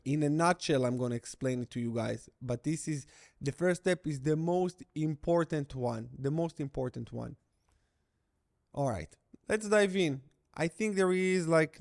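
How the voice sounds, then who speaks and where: A middle-aged man speaking straight to the camera as a breakup recovery coach. His voice sits a little higher than most men's. He talks bluntly and with emphasis, hammering key phrases over and over. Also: darkish tone. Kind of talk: direct-to-camera coaching talk.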